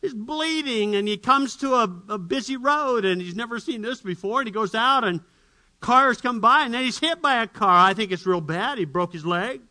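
A man telling an illustrative story to an audience and acting out its characters in lively fashion. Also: very high-pitched, normal speed. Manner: animated, acts out the characters.

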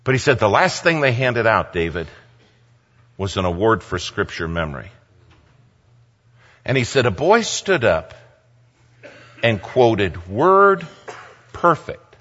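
Male preacher, sermon, slow delivery, very lively pitch, loud bursts and hushed drops, long hall echo, dull sound. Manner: dramatic, swings from loud exclamations to hushed near-whispers.

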